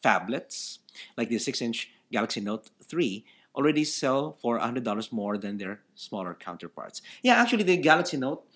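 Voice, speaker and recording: A man's voice: medium pitch, normal speed. A man co-hosting a casual podcast, reading news items aloud and chatting about them, laughing often. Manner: lively, laughs often, reads stories aloud then comments. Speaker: podcast co-host.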